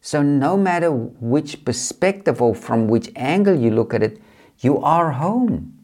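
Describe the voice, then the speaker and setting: A man voicing God as a calm, gentle male presence that reassures, in a spoken story. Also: on the high side, unhurried, voice pushed up. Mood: reassuring.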